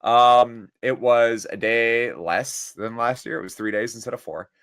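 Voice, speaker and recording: A man's voice: medium pitch, fairly even intonation, a little slow, a bit bright, clean tone. A man co-hosting a gaming podcast in casual chat, bantering with slang and jokes. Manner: laughs often, joking banter, slangy. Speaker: podcast co-host.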